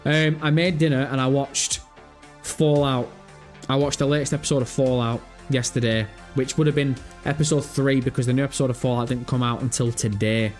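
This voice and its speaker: Animated swearing streamer. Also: male voice, medium pitch, a little fast, faint music behind. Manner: animated, swears freely, thinks aloud. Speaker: live stream host. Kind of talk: casual live-stream chat.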